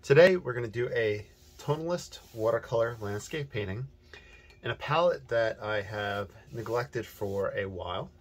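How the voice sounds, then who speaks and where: A man's voice: medium pitch, animated, normal speed, slightly rough. A man giving a casual, rambling watercolor painting lesson, thinking aloud as he paints. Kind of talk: relaxed painting tutorial.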